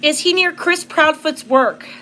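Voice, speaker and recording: A woman's voice: sits high, unhurried, bright, forceful tone, a little hiss or hum. A woman hosting a live spirit box session, emotional and apologetic as she talks to the spirits, close to tears. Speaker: tarot reader and spirit box host.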